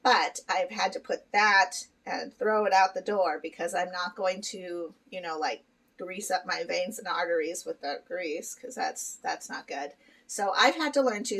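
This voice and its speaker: A middle-aged woman chatting candidly to her viewers in a casual vlog, full of fillers and quick laughs. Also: fairly low pitch, fairly bright tone, recorded from a distance, low-quality recording. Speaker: vlogger. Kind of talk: casual chat to camera.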